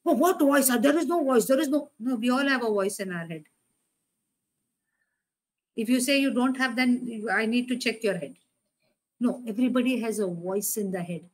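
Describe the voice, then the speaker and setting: A woman's voice: a little high, normal speed, pauses often, poor audio. A woman preaching a conversational sermon, asking rhetorical questions and repeating words for emphasis.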